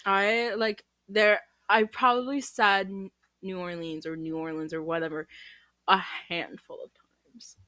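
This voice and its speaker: A woman's voice: mid-range voice, little pitch movement, unhurried, pushed and bright, dry recording. A young woman from the Midwest, co-hosting a podcast in a casual chat, chatty with lots of fillers and laughter. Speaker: podcast co-host.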